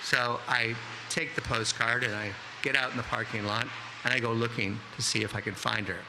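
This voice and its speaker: A man in his sixties telling a personal story aloud at a live storytelling event, lively and anecdotal, acting out the dialogue. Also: mid-range voice, moderate pace, noisy background. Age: 60s. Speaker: contributing author.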